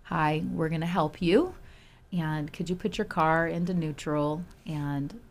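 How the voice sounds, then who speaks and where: Animated woman telling a story, low voice. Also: a little slow. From Houston, Texas. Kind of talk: storytelling in casual chat.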